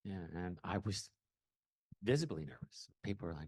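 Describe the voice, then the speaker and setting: A man's voice: sits low, expressive, darkish tone, breathy edge. A man moderating a panel, stopping and restarting often as he hands over to guests. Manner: halting, many fillers and restarts.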